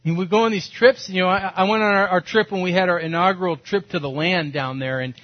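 A male pastor giving a sermon, telling animated, self-mocking stories and acting out what he said and thought. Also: sits high, fast. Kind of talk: storytelling sermon. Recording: dull lo-fi sound.

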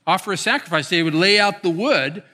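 A male pastor delivers a sermon in a bright, slightly high voice. He moves between soft, drawn-out phrases and quick, emphatic bursts. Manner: expressive, swings from hushed to emphatic.

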